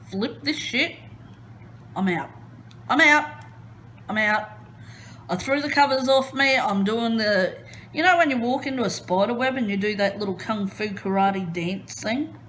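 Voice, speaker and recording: A woman chatting casually as she crafts, retelling a story in an expressive, animated way. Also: a little high, normal speed, a little hiss or hum. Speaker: crafting vlogger.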